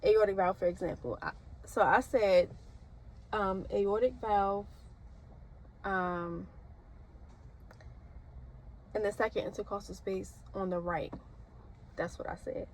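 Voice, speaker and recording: A woman's voice: medium pitch, steady tone, unhurried, pauses often, rough recording. A young woman nursing student, rambling casually to camera with lots of fillers and restarts. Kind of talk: casual vlog talk.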